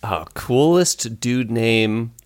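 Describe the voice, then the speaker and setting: A man's voice: mid-range voice, very slow, no echo. Easygoing man, a podcast guest. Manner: easygoing, friendly. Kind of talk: casual chat. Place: home, remote video call.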